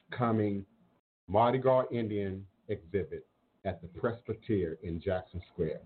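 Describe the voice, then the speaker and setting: New guy hosting call-in radio, earnest, repeats himself like a preacher, sounds tinny like a phone. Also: mid-range voice. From New Orleans, Louisiana. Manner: earnest, repetitive, preacherly cadence. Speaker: radio show host. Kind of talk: call-in talk radio monologue.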